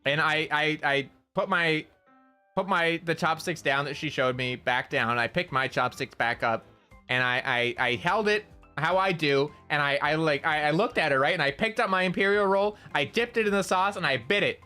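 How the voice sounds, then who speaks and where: A VTuber streamer chatting casually, telling an animated, self-mocking story with lots of repeats. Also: medium pitch, normal speed, faint music behind.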